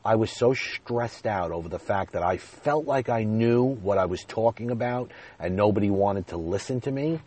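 A man's voice: lowish voice, darkish tone. A man in his forties telling viewers a candid, emotional story in a rambling, self-deprecating way. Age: 40s. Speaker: vlogger.

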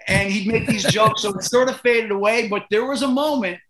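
A middle-aged Canadian man telling a long story in a casual interview, animated and profane, acting out the voices of the people in it. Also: high voice, fairly quick, over a noisy crowd. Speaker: guest.

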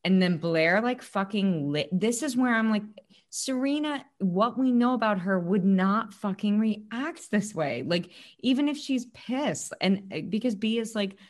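A woman co-hosting a casual TV recap podcast, animated and swearing freely as she acts out quotes. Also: medium pitch, a little slow. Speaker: podcast co-host.

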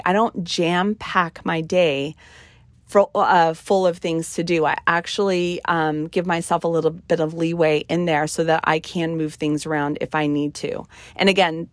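A woman's voice: sits low, dry recording. A middle-aged woman hosting a podcast in a casual, emphatic, chatty way, with frequent ums. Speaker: podcast host. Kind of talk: casual solo podcast talk.

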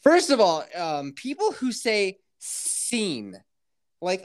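A woman's voice: mid-range voice, huge pitch swings, slow. A woman co-hosting a casual podcast who teases, laughs often and puts on mocking voices. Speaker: podcast co-host. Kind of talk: casual chat.

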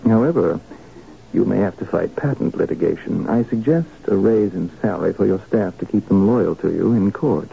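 Brisk, low and gravelly man, vintage radio drama. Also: expressive, a little hiss or hum. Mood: businesslike. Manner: clipped, businesslike. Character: curt, composed man, famous genius. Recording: dull lo-fi old radio recording.

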